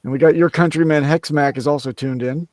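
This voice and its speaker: A man's voice: a little high, fairly even intonation, a little fast, a little mellow. A man co-hosting a casual online hangout, teasing the others with sarcastic banter. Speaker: co-host of a community hangout. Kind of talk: casual chat.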